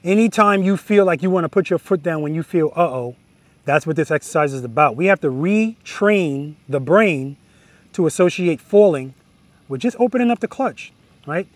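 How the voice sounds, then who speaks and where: A motorcycle instructor, a man with a high voice, coaches riders through an outdoor drill. He talks directly and hammers home key words. His voice sounds dry and close, with motorcycle engines running behind him. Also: expressive, normal speed, no echo. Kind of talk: outdoor riding lesson instruction. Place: outdoor practice lot.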